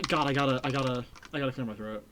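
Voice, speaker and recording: A game streamer chatting live with viewers, rambling and excitable, repeating phrases and swearing casually. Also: medium pitch, fast, background noise. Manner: talks to chat and repeats phrases. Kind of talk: casual live-stream chat while playing.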